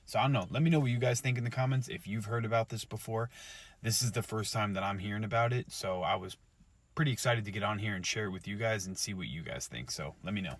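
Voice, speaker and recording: A man's voice: fairly low pitch, fast talker, background noise. A man wrapping up a creepy story casually and asking viewers to comment. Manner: chatty sign-off, asks viewers to comment. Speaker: storytime creator.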